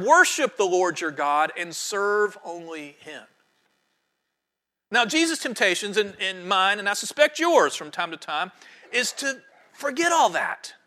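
A male pastor preaching a sermon, animated, sometimes dropping to a soft near-whisper for emphasis. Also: sits high.

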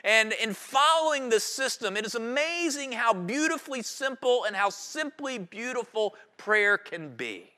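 Man, pastor preaching, high voice, bright tone, rhythmic rising and falling delivery. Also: big pitch swings, a little slow, hardly any pauses. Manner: rhythmic preaching with sweeping rises and drops in volume. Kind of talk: sermon.

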